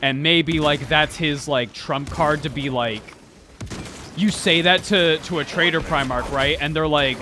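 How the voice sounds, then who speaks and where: A man casually commenting while streaming a game, rambling and animated, swearing often. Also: a little high, measured pace, a little hiss or hum.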